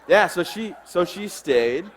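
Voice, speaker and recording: A man's voice: high-pitched, animated, slow, background noise. A man in his twenties giving a humorous motivational speech, telling a story and acting out the dialogue. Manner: joking storyteller, acts out quoted dialogue. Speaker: motivational speaker.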